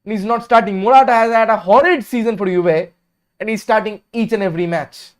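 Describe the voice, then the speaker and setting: Speaking a little fast and smoothly, this high-pitched host of a live watch-along stream comments on a football match. He chats freely and shares strong opinions, alternating between animated calls of the action and quiet, drowsy mumbles.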